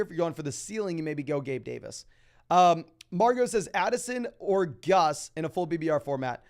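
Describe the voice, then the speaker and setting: A young man's voice, sitting high, carries a fantasy football live stream. He voices the audience's questions and responds in brisk, energetic sports banter.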